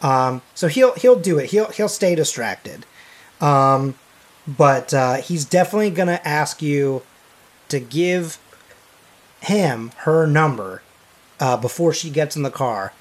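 Tabletop game master: chatty, thinks out loud, quick to laugh. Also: mid-range voice, lively intonation.

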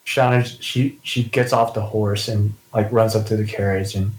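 A man's voice: on the low side, fairly even intonation, normal speed, echoey room, rough recording. A man playing a tabletop role-playing game, describing what his character does, rambling and saying "like" a lot. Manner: rambling, heavy use of "like". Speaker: player.

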